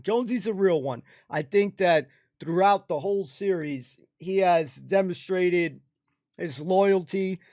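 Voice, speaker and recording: A man's voice: sits high, measured pace, dry recording, clean studio sound. Enthusiastic American man reacting to a show. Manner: enthusiastic, rambling, keeps saying "ladies and gentlemen". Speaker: reaction video host. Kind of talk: casual reaction commentary.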